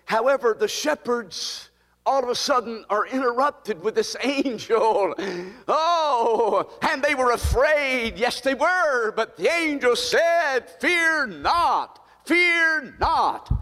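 A man preaching a sermon, his delivery rising from quiet storytelling to fervent, near-shouted peaks. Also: very high voice, slow. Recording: long hall reverb.

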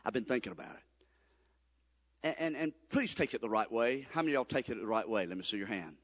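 A man, preaching a sermon as pastor, swinging from loud appeals to low confiding asides. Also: animated, quick pace, long reverb tail. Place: church sanctuary.

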